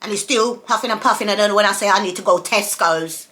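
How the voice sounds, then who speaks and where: An adult woman, a mother of several children, vlogs a casual monologue to her camera in a quick, pushed, bright mid-range voice. It's an emphatic, repetitive rant packed with rhetorical questions.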